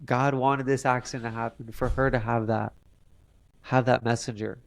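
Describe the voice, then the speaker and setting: A young man, a podcast guest, telling a long story in a halting way with many fillers and restarts. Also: medium pitch, little pitch movement, creaky. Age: young adult. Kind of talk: casual storytelling interview.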